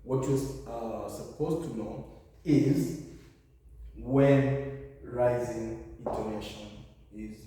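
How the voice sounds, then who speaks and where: Slow and mellow, this mid-range male voice belongs to a teacher from Kenya leading a revision lesson. He works through it step by step and corrects himself frequently. He's far from the mic in an echoey room, with slight background noise.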